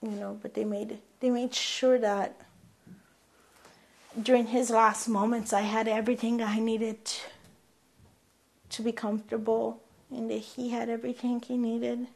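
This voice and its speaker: A bereaved mother slowly and plainly recounting her son's last moments in an interview. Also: fairly high pitch, little pitch movement, gravelly. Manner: slow, plain, heartfelt storytelling. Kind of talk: documentary interview.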